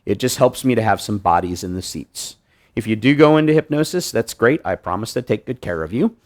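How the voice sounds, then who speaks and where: A man's voice: fairly low pitch, brisk. A man presenting a hypnosis demonstration to a live audience, joking with volunteers and restarting his sentences often. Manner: joking, animated, many restarts. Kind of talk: live stage demonstration talk. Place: meeting room with audience.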